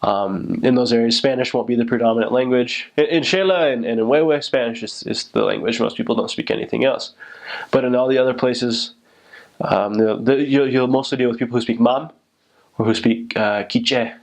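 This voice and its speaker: Young man of average pitch who rambles and corrects himself mid-sentence, recounting his mission casually. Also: a little fast, creaky. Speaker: returned missionary. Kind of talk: casual recollection.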